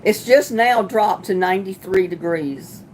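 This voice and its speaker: A chatty woman hosting a livestream, answering viewers as she reads their comments aloud. Her pitch sits in an ordinary middle range, and she laughs often and sounds sympathetic. A faint ambient hiss runs under her voice. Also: measured pace, darkish tone. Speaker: livestream host. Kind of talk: casual livestream chat reading viewer comments.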